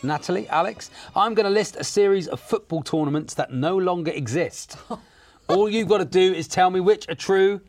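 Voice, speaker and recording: High-voiced man hosting a quiz. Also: darkish tone, soft background music. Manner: brisk, repeats answers as "tis true". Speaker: quiz show host. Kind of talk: reading quiz questions.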